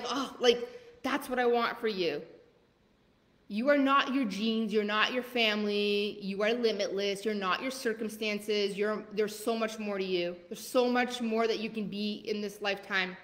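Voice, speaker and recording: A woman coach giving a live motivational masterclass, urging listeners on with rapid-fire repeated commands. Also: medium pitch, in a large hall. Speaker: leadership coach.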